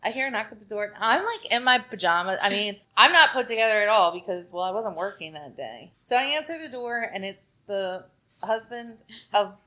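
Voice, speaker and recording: This hairstylist's mid-range voice is pushed and bright, with lively intonation and a fairly quick pace. Chatting as a podcast guest, she tells a story, acts out what people said, and leans heavily on "like."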